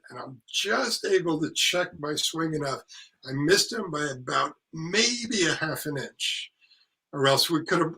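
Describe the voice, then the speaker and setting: An older man, an actor and author, telling anecdotes in casual conversation, lively and salty, acting out what others said. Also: a little high, vocal fry, poor audio. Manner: lively storyteller, salty language, acts out quotes. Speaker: actor and author, podcast guest.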